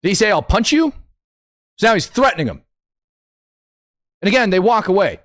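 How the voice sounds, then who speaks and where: A male show host delivers opinionated live commentary in a blunt, combative way. His fairly high voice swings up and down a lot, and it is recorded dry and close with no room sound. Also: sing-song, fast, fairly bright tone, no echo.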